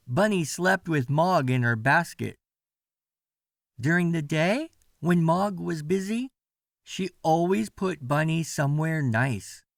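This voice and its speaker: A man with a high, very lively voice reads a children's bedtime story slowly and expressively. His delivery is sing-song and unhurried. The sound is very dry and close. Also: gravelly, no echo. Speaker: parent reading a bedtime story. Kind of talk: children's storybook read-aloud.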